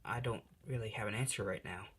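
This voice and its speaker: A man's voice: fairly low pitch, quick pace, a bit bright, breathy edge. A man voicing a polite teenage boy, a hero student answering his father in a fan story.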